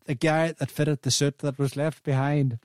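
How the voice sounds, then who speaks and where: A man's voice: a little high, flat delivery, moderate pace, darkish tone, dry recording, clean studio sound. A man in his seventies with an Irish accent, hosting a radio show and telling a rambling, anecdotal story with frequent restarts. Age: 70s. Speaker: radio host.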